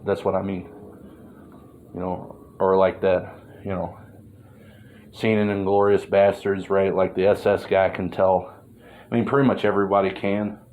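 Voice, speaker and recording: A man's voice: sits low, phone-quality sound, a little hiss or hum. A man vlogging in a meandering monologue, full of fillers and swearing. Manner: meandering, filler-heavy, profane. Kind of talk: rambling monologue.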